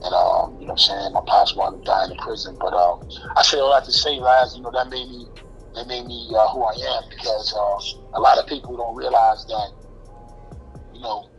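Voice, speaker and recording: A man's voice: medium pitch, fairly even intonation, moderate pace, gravelly, a bit bright, dull audio, faint music behind. A man in his forties with a New York accent, telling life stories as an interview guest in loose street slang. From Brooklyn, New York. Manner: loose street slang, restarts, acts out quoted voices. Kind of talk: casual storytelling.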